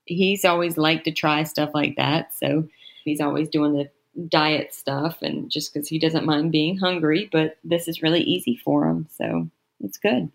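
Woman guest on a podcast, bit of vocal fry, chatty and upbeat. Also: low-pitched, fairly even intonation, a little slow. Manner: chatty and encouraging. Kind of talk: casual chat.

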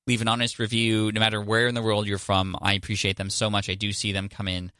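A man's voice: on the low side, completely flat delivery, fast, clean tone, dry recording, studio quality. A man hosting a coaching podcast, encouraging his guest and then signing off to listeners in an upbeat way. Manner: warm, encouraging, upbeat sign-off. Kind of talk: casual interview and podcast outro.

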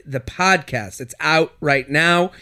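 A man's voice: fairly high pitch, pushed and bright. A young man hosting a podcast, giving joking, chatty relationship advice. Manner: joking, chatty, quick asides. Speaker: podcast host. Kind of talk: casual advice chat.

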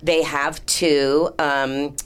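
A woman's voice: sits low, little pitch movement, drawn-out words, smooth. A middle-aged woman casually telling a rambling story as a podcast guest, with restarts and acted-out quotes.

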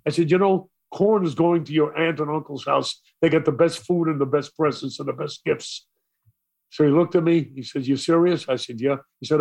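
A man's voice: fairly high pitch, moderate pace, gravelly. An older man, a radio DJ telling stories in an interview and acting out the voices of the people in them. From Brooklyn, New York. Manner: lively storyteller acting out quoted voices. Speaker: radio DJ guest. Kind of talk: storytelling interview.

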